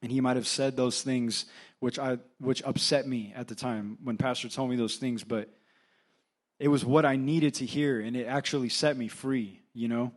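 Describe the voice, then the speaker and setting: Young male assistant pastor, Californian accent, chatty filler-laden church testimony, mid-pitched. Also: steady tone, moderate pace. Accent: Californian English. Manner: conversational, filler-heavy storytelling. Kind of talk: casual testimony sermon.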